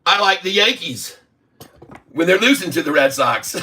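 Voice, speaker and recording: A man in his sixties from the South with a Southern accent, hosting a rambling livestream, loud and laughing, with rhymes thrown in. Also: high-pitched, lively intonation, unhurried, noisy background. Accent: Southern American. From Southern United States. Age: 60s. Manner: boisterous, rhyming, laughing often. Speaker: livestream host. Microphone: webcam mic.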